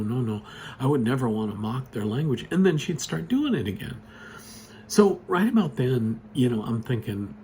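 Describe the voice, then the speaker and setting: Gravelly, mid-pitched man telling a rambling story into a phone at his desk. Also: a little mellow, slight background noise. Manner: rambling, lots of "you know" and restarts. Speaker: storyteller vlogger. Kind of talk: casual spoken storytelling. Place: home desk with computer monitors.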